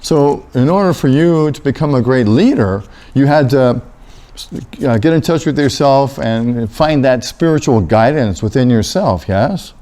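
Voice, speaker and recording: Slow-talking pastor asking questions. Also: male voice, medium pitch, lively intonation. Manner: gentle, probing questions. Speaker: pastor interviewing a guest. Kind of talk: church talk interview.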